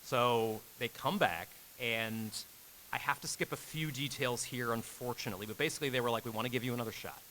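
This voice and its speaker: Fairly quick and bright-voiced, a thirty-something game director shares a long story from his own life with a live panel audience at a convention. He performs every quote with sudden rises in pitch and laughs mid-sentence, his voice staying forward the whole time. A faint hiss runs under the low-quality recording.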